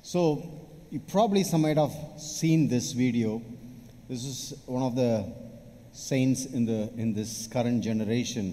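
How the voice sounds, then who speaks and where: A man tells a story from his own life in a sermon, in a plain storytelling way. His voice is dark and mellow. The hall adds a long echo, with a faint hum of noise behind him. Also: mid-range voice. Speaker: preacher. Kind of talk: testimony in a sermon.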